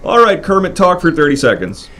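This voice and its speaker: Lively, bantering male comedy host. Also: a little high, a little fast. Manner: playful, bantering, deadpan needling. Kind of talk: live comedy stream hosting.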